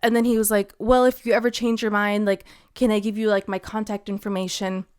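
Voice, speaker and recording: A young woman co-hosting a podcast, telling a story in casual chat, animated and laughing often. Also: mid-range voice, a little fast, smooth. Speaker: podcast co-host.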